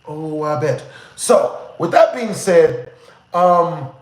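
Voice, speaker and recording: A young man streaming live, telling a story to his chat in a casual, profane, animated way, repeating "you know what I'm saying" again and again. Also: fairly high pitch, slow, echoey room, rough recording.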